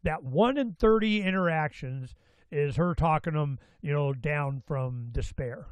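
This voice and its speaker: A man hosting a talk show, rambling in an excitable way with many restarts and asides. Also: fairly high pitch, measured pace, clean tone, dry recording, rough recording. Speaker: radio show host. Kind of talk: casual talk-show monologue.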